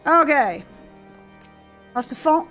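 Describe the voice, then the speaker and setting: A woman's voice: high voice, lively intonation, takes it slowly, fairly bright tone, faint music behind. A woman streaming a video game, reading character dialogue aloud and adding playful, sarcastic, swearing commentary.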